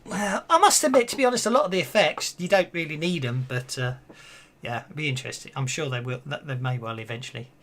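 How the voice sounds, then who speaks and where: A man running a tabletop game as game master, chatty and halting, often breaking into laughter. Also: on the high side, animated, a bit bright.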